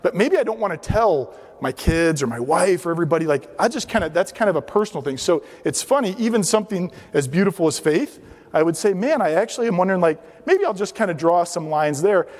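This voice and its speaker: A man's voice: sits high, expressive, fast talker, darkish tone. A middle-aged man with a slightly raised voice gives a storytelling lecture. He talks in a chatty, self-deprecating way and acts out the dialogue he quotes. His voice rings with the long reverb of a lecture hall. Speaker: guest lecturer.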